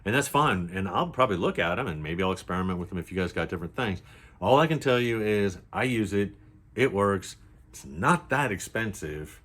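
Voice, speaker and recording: A man's voice: on the low side, expressive, fairly quick, a bit bright. An older man talking casually to his viewers, blunt and chatty, often checking that they follow along. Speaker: preparedness vlogger. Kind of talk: casual to-camera talk.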